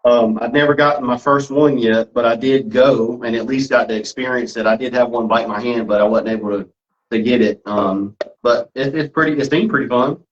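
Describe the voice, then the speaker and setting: A man's voice: mid-range voice, steady tone, fairly quick. A man hosting a podcast who chats casually and turns to speak directly to the audience. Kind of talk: casual chat. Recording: dull lo-fi sound.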